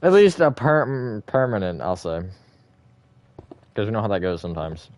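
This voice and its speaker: Lively low-voiced man streaming live. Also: moderate pace. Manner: rambling, self-correcting, laughs often. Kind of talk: casual live-stream chat with viewers.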